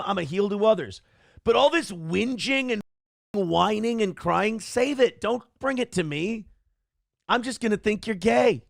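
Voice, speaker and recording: A man's voice: high-pitched, creaky, a bit bright, no room sound, clean studio sound. A man hosting a live stream, ranting combatively and profanely at his chat, boastful and blunt. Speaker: streamer and show host.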